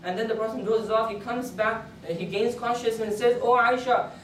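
A man's voice: high voice, fairly even intonation, brisk, slight background noise. A man giving a Friday sermon as a story, in an earnest tone, repeating phrases and lifting his voice for quoted words. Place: mosque prayer hall. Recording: echoey hall, voice from a distance.

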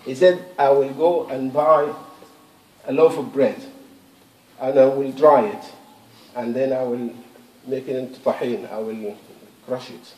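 A man's voice: medium pitch, steady tone, a little slow, pauses often, mellow. A man giving a Friday sermon as imam in a mosque, talking conversationally, repeating words and reciting scripture in Arabic. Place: mosque prayer hall. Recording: echoey, distant room recording.

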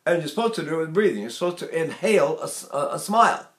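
An older man gives a singing lesson in a slightly high voice, rambling from point to point and stopping to demonstrate. The sound is roomy and echoey. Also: expressive, fast, fairly bright tone. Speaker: voice teacher. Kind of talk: vocal lesson talk.

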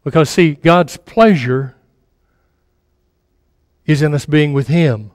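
A man's voice: on the high side, slow pace, darkish tone, no echo, studio quality, long reverb tail. A man preaching a sermon in a conversational way, repeating phrases for emphasis and sometimes dropping to a near-murmur. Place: church sanctuary.

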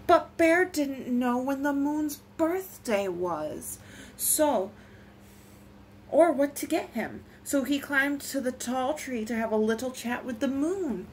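A woman reading picture books aloud for a children's storytime, expressive and lilting. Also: sits high, slow, slight background noise. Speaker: storytime reader.

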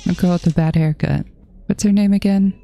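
A woman's voice: lowish voice, steady tone, a little fast, vocal fry, mellow. A woman giving horror game playthrough commentary, muttering to herself and nervously repeating herself. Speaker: gaming channel host.

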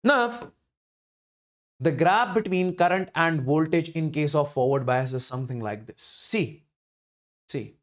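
A man's voice: fairly high pitch, expressive, unhurried, long pauses. A male physics teacher giving an exam-prep lecture, emphatic and repetitive, restating each step.

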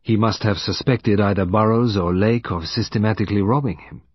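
A man voicing a calm, gentle elderly detective laying out his deductions in an audiobook. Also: on the low side, slightly rough, no echo. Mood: calm accusing. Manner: gentle, measured. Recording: dull dry recording.

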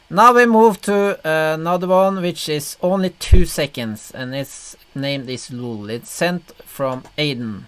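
Creaky-voiced man reacting to videos. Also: mid-range voice, a bit bright, no echo. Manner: rambling, filler-heavy, chuckling. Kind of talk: casual commentary reacting to videos.

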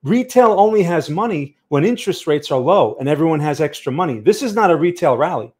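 Male stream host, casual explainer, somewhat higher voice, frequent "right?" and "okay?" asides to viewers. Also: lively intonation, fairly quick, a little mellow. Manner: conversational, keeps checking in with "okay?" and "right?". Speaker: trading channel host. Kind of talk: live-stream market analysis, reading chat.

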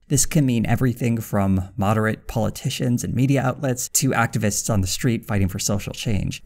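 A man's voice: mid-range voice, creaky, a little mellow. A man narrating a scripted commentary video in a dry, critical manner. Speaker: video essayist.

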